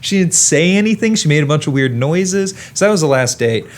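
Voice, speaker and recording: Young man telling lively stories. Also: on the high side. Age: young adult. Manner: animated anecdote-telling, quick asides. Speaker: podcast host. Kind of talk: casual storytelling interview.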